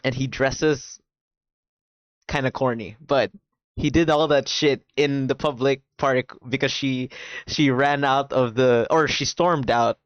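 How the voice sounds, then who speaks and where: This man, chatting on stream, retells a show's storyline with animated energy, heavy swearing, and lots of "like." His middle-pitched voice moves at a slow pace with a clean tone. The audio has no echo and a slightly dull quality, as from a modest home mic.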